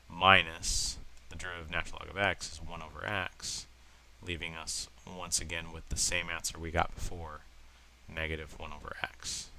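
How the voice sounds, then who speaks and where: A man's voice: low-pitched, level tone, normal speed, gravelly, pushed and bright, slight background noise, poor audio. A man with a cold-nasal voice explaining math problems step by step in a recorded lesson. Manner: plain step-by-step explaining with fillers. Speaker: math teacher.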